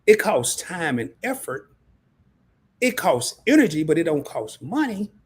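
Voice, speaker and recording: Brief: husky man, higher voice, animated preachy livestream host. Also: measured pace. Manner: animated, stumbling restarts, preachy. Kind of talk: casual livestream talk.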